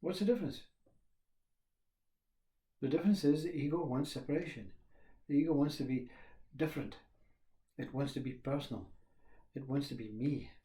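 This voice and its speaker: A man giving a slow, reflective spiritual talk, repeating questions and pausing often. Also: medium pitch, dark tone, echoey room. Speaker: spiritual teacher.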